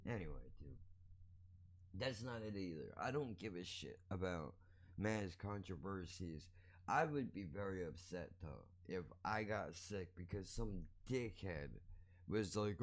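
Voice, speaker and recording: A man's voice: low-pitched, expressive, moderate pace. A man hosting a podcast, giving a blunt, profane, ranting monologue. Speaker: podcast host.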